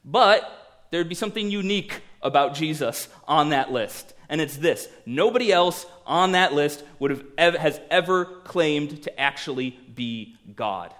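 Male pastor preaching, lively delivery that drops soft for key lines, fairly high pitch. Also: unhurried. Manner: animated, swings between loud emphasis and hushed lines; acts out quoted voices. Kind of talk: sermon.

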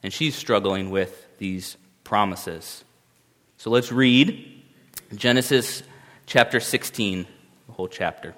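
Pastor preaching in a reverberant hall. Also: male voice, lowish voice, takes it slowly, long pauses, fairly bright tone. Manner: conversational and emphatic, with wry humor. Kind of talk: sermon.

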